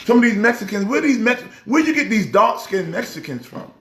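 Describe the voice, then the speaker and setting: A man's voice: sits high, lively intonation, fairly quick, a bit bright. A pastor hosting a casual sports vlog, talking emphatically and rambling through his trash talk. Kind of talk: casual sports chat to camera. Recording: echoey room.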